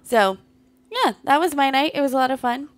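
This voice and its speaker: A woman comedian co-hosting a podcast, telling a story in casual chat, animated, blunt and profane. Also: sits high, brisk.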